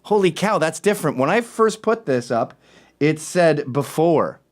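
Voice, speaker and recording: A man hosting a talk show, ranting in an animated, sarcastic way, jumping between loud remarks and muttered asides. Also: fairly high pitch, a little slow. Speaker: show host. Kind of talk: opinionated talk-show rant.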